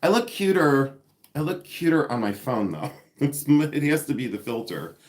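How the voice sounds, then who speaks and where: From home, a man hosts a casual livestream where he sorts jewelry, his mid-range voice sing-song and darkish at a moderate pace. He's sassy and chatty, often joking at his own expense.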